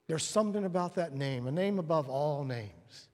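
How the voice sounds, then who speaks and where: A man preaching a sermon, telling stories and acting out the voices in them, moving from hushed whispers to loud, emphatic lines. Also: on the high side, animated, moderate pace, few pauses. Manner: storytelling, acts out quoted voices. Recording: long reverb of a large hall.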